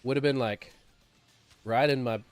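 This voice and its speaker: A man's voice: medium pitch, fairly even intonation, measured pace, faint music behind. A man streaming a game, rambling and sarcastic, chuckling as he talks. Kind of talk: casual gameplay commentary.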